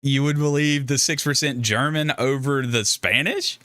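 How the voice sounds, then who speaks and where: Chatting with his stream viewers, this host rambles, jokes and keeps interrupting himself to restart. He speaks at a measured pace with hardly any pauses, in a sing-song, sharp, medium-pitched voice, recorded dry and clean in a studio.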